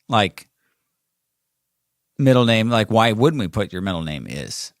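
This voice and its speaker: A man's voice: fairly low pitch, lively intonation, a little slow, pauses often, a bit bright, dry recording, studio quality. A man in his forties hosting a podcast alone, talking in a rambling, playful way with many fillers and self-corrections. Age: 40s. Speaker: podcast host. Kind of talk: casual solo podcast monologue.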